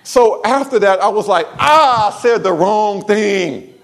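A man with a high voice preaches to his church. He tells stories, drops low and quiet for asides, and then rises into loud, ringing declarations. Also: expressive, measured pace. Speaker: pastor. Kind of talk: sermon.

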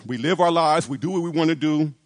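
A man's voice: fairly high pitch, fast. A man preaching a sermon, asking rhetorical questions, repeating phrases and acting out quoted pleas.

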